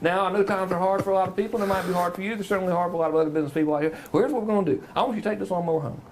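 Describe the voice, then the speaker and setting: A man with a Georgia Southern accent voicing a folksy male lawnmower shop owner pitching in an exaggerated drawl. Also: steady tone, racing, a little hiss or hum, close to an everyday voice. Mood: hyped pitch. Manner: exaggerated drawl, loud sales patter.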